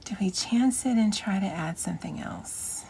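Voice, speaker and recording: A middle-aged woman chatting softly and often half-whispering as she decorates her planner, with a Valley Girl lilt. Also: medium pitch, moderate pace, vocal fry, slight background noise. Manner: soft, often half-whispered, self-deprecating. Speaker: planner vlogger. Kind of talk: casual crafting chat.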